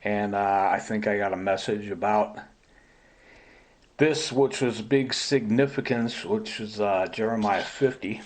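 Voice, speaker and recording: A man's voice: on the low side, a little slow. A man in a ranting vlog monologue, agitated and accusing, repeating his points. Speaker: vlogger.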